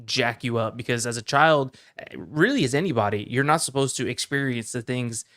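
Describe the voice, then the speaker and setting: A man's voice: medium pitch, brisk. A man who is a podcast guest, chatting casually and getting passionate as he talks. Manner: passionate, gets excited. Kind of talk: casual chat.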